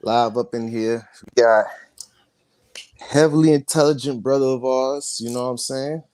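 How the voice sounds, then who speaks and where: A man's voice: medium pitch, steady tone, a little mellow, dry recording. A man hosting a casual livestream, talking in a loose, slangy way and handing the floor to his guest. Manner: loose, slangy, quick to hand over the floor. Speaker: livestream host.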